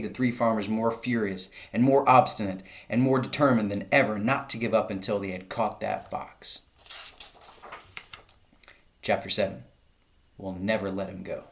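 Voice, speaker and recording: A man, a teacher, reading a children's story aloud to his class, lifting his voice for the shouted lines. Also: lowish voice, fairly even intonation, normal speed.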